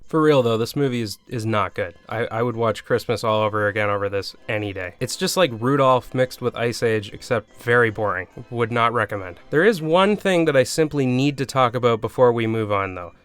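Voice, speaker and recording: A Canadian man with a Canadian accent narrating a comedic movie review, with sarcastic deadpan asides. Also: mid-range voice, fairly quick, hardly any pauses, smooth, dry recording, soft background music. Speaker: video reviewer host.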